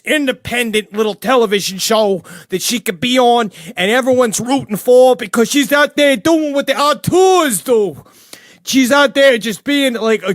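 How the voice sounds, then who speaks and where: A rambling jailed older killer, as a man puts him on, nattering about heaven and gossip. His voice sits high for a man and swings into sudden outbursts. The sound is dry and close, with no room in it. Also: a bit bright, dry recording. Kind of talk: comedic character monologue.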